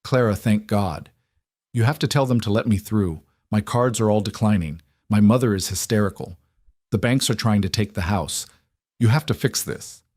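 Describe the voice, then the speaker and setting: A man's voice: fairly low pitch, normal speed, darkish tone, no room sound, studio quality, lightly acted. A man reading the lines of a desperate, entitled young rich man who talks frantically and demands things.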